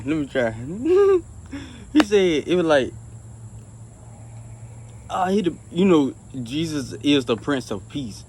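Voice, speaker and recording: A man with a mid-range voice tells a personal faith story in loose, rambling fashion, circling back and restarting his sentences. He sounds earnest and at times soft-spoken. Faint crickets and insects chirp quietly behind him. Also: mid-range voice, slight background noise. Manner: rambling and repetitive, many restarts. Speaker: storyteller sharing a faith testimony. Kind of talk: casual spoken testimony.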